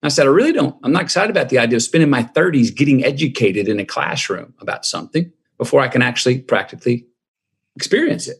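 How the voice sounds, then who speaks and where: A middle-aged male guest on a podcast interview tells a personal story in a drawling, reflective way, acting out the voices he quotes. His mid-range voice swings widely in pitch, moving fast with a breathy edge.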